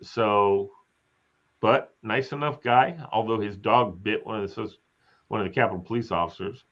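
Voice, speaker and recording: A man's voice: on the low side, moderate pace, a bit bright. A man hosting a casual live chat, telling rambling stories and acting out quotes. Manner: rambling storyteller, chatty, acts out quotes. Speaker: host. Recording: slightly dull lo-fi sound.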